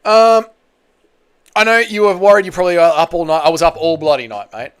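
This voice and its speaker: A man's voice: high-pitched, a little fast, clean tone. A man hosting a casual fight watchalong stream. He reads out chat messages and swears freely. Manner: loose and profane, bursts into shouts at big moments. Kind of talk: casual live-stream commentary and chat reading.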